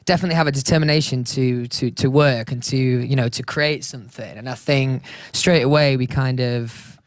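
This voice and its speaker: A man's voice: mid-range voice, steady tone, normal speed, no room sound, clean studio sound. A young British man, a musician guest, chatting modestly with hesitant restarts. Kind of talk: casual interview chat.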